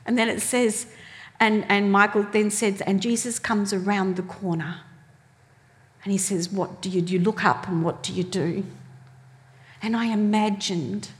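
Woman preacher, unhurried animated sermon, echoing hall sound. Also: mid-range voice. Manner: animated storytelling, acting out quoted voices. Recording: long hall reverb.

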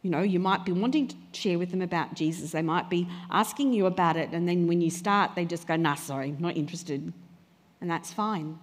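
A woman preaching a sermon, talking conversationally and then crying out loudly when she quotes prayers. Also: fairly low pitch, fairly quick, hardly any pauses. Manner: conversational preaching, rising to loud cries when quoting prayers. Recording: long hall reverb.

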